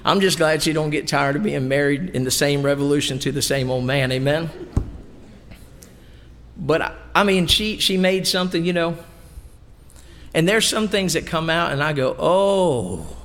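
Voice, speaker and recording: Middle-aged man as pastor, fairly high gravelly voice, folksy emphatic sermon delivery. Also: normal speed, long pauses, fairly bright tone, long reverb tail, slight background noise. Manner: folksy, emphatic preaching with homey asides. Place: church sanctuary.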